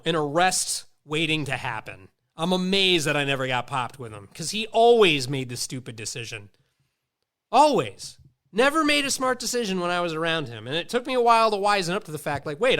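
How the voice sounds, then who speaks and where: This podcast host, a man in his late thirties, speaks at a normal speed in a voice on the high side. His storytelling is casual, profane and animated, and he performs the voices of the people he quotes.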